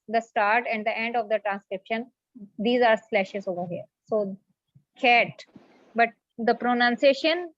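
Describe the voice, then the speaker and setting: A woman's voice: a little high, no echo. Patient woman teacher. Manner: patient, repeats points and checks with "okay?". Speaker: English teacher. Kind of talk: classroom lecture. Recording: muffled lo-fi classroom recording.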